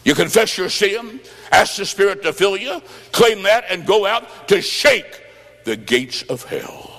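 A man's voice: high voice, animated, unhurried. Man, revival preacher, fervent, storytelling, long hall reverb, church. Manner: fervent, shouting at peaks, acts out quotes.

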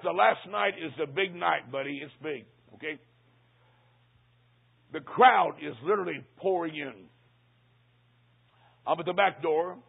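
A man's voice: high-pitched, vocal fry, husky. A man preaching, telling a funny story with punchy comic timing and conspiratorial asides. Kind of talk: humorous sermon storytelling. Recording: tinny lo-fi line.

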